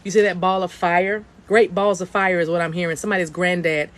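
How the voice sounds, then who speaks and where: A woman's voice: fairly low pitch, level tone, brisk. A woman hosting a livestreamed spiritual reading from her outdoor deck. She chats casually, repeats her phrases and drops into chanted light language. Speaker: spiritual reader.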